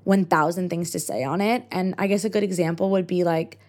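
Talking on her own in a relaxed podcast episode, this American host in her twenties leans heavily on "like" as she chats. She speaks briskly in a fairly low, slightly mellow voice with fairly even intonation.

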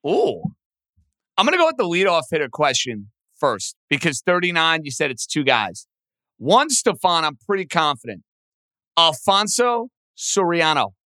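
Radio host guy, kinda high and bright, mumbling out his guesses and getting annoyed, dry studio sound. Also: normal speed, dry recording. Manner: animated, thinks out loud, self-deprecating. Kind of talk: casual sports talk, answering trivia.

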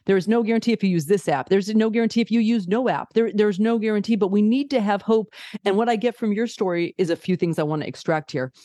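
A woman therapist chatting casually on a podcast, animated, acting out inner voices as she explains. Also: medium pitch, fast. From California. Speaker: therapist guest.

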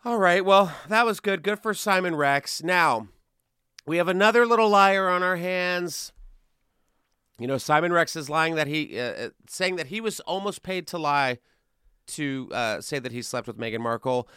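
A man's voice: on the high side, animated, normal speed, bright, forceful tone, clean tone, no room sound, clean studio sound. A man hosting a comedy news podcast, chatting casually and sarcastically, often breaking into laughter. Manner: sarcastic, laughing, mocking voices. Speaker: podcast host.

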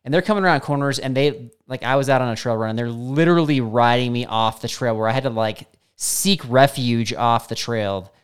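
A man co-hosting a casual podcast chat, telling his story in a smooth, resonant voice. He is animated and his voice leaps up when he acts out quotes. His pitch sits in the middle. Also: fairly quick, hardly any pauses. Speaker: podcast co-host.

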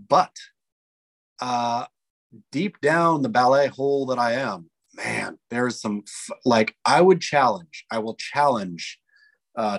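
A man co-hosting a podcast, chatting casually and enthusiastically with frequent restarts. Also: medium pitch. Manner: rambling, enthusiastic, restarts often. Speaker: podcast co-host. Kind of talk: casual chat.

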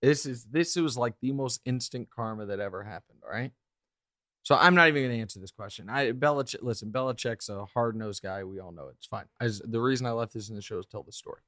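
A man in his thirties hosting a casual podcast, telling stories with quick asides. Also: mid-range voice, dry recording, clean studio sound. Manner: animated storyteller, quick asides. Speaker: podcast host.

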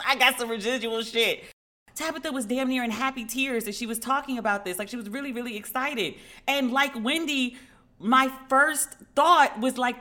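A woman podcast host chatting casually and frankly, swearing now and then and acting out the dialogue in her stories. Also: a little high. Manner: animated storyteller who acts out dialogue.

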